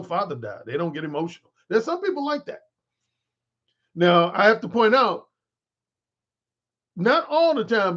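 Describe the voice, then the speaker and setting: A dating coach and author livestreams to his followers, candid and animated, restarting often. His voice is high, and the highs are cut off on the desk microphone he adjusts mid-stream.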